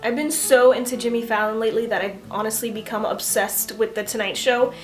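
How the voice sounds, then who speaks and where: A young woman in her twenties chatting casually through a makeup tutorial, telling stories in an animated, giggly way. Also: on the high side, brisk, soft background music. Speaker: beauty vlogger.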